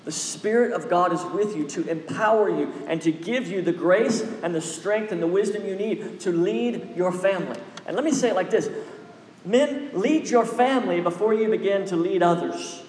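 A man's voice: high-pitched, normal speed, darkish tone, reverberant, in a large hall. A man preaching a sermon as a pastor, urging his listeners with a repetitive, exhorting cadence.

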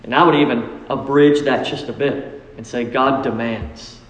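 A man's voice: mid-range voice, fairly even intonation, normal speed. A male pastor preaching a sermon, emphatic and rising into acted pleas. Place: church sanctuary. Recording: echoey hall with long reverb.

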